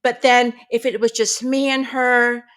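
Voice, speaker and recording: A middle-aged woman, a pediatrician and podcast guest, telling a family story in an animated, expressive way. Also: a little high, unhurried.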